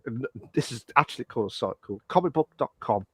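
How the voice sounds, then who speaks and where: A man's voice: medium pitch, animated, fast talker, fairly bright tone, husky, no room sound. A man co-hosting a podcast in casual chat, playful and given to silly voices. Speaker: podcast co-host.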